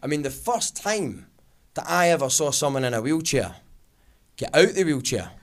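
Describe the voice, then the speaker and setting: A Glaswegian man in his thirties performing a stand-up comedy set, telling stories and slipping into quick voices of his family. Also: a little high, big pitch swings. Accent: Glaswegian Scottish. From Scotland. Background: audience laughter.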